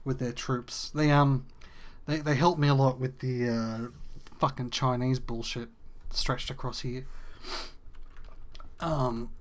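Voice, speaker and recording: A man, hosting a casual gameplay rant that is frustrated, profane and rambling. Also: mid-range voice. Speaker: gaming video host.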